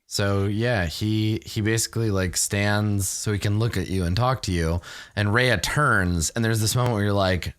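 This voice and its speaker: A man's voice: lowish voice, normal speed, a bit bright, no echo, clean studio sound. A man narrating as game master in a tabletop game, loose and rambling with many fillers.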